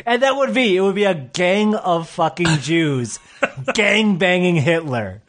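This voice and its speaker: A man's voice: high voice, animated, a little slow, a bit bright. A man co-hosting a comedy podcast who reads out listener questions and giggles through crude banter. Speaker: podcast co-host.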